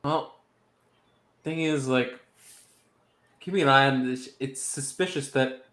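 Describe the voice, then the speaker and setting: A man's voice: medium pitch, slow pace, fairly bright tone. A man talking through his character's thoughts in a tabletop game, hedging and rambling. His voice rings with a roomy echo. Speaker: player. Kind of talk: casual chat in character discussion.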